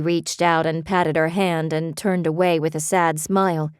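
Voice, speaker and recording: Low-voiced woman audiobook narrator. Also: little pitch movement, unhurried, smooth, dry recording, clean studio sound. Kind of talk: scripted narration.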